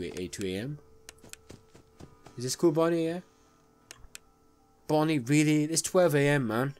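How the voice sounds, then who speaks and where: Brief: young male gaming host, nervous horror let's play, very lively swooping pitch, faint music under him. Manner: jumpy, nervous, pleads aloud with game characters. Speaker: gaming YouTuber.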